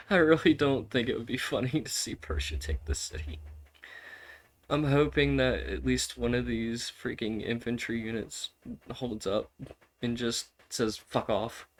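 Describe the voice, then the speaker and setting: A man's voice: mid-range voice, a little slow. A man giving casual, swearing commentary while playing a strategy game, repeating himself and laughing often. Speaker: gaming streamer.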